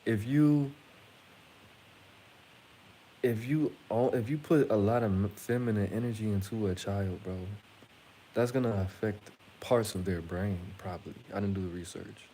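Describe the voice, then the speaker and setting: Rambling, blunt man with a low voice. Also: fairly even intonation, normal speed, warm tone, slight background noise. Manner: rambling, blunt, profane, frequent restarts. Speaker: channel host. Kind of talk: casual monologue to camera.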